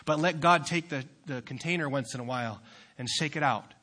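A young man preaching as a youth pastor, dropping into quiet asides and then building to loud, fervent exhortation. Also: fairly high pitch, brisk. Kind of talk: sermon.

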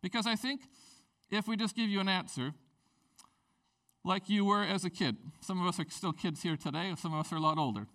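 A man with a high-pitched voice preaching a sermon in a relaxed, conversational way. He tells personal stories, his voice swinging from hushed to loud and rising sharply when he makes his point. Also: a little fast. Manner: conversational storytelling with lively swings in pitch and loudness. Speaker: pastor.

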